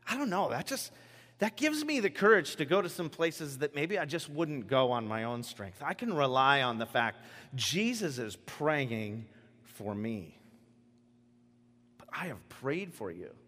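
A man preaching a sermon in a large hall, his somewhat high voice carrying a long reverberant tail. He talks casually and animatedly, dropping to quiet reflection and then rising to loud, emphatic points. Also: very animated, unhurried. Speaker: pastor.

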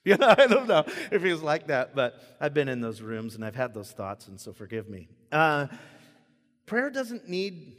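A man preaching a sermon in a church, playful and animated, acting out stammering prayers. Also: a little high, moderate pace, long reverb tail. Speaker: pastor.

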